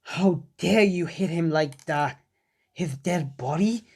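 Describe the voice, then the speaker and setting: A man's voice: fairly high pitch, slow pace, vocal fry, exaggerated voice. Guy voicing a furious young ninja girl, outraged and demanding.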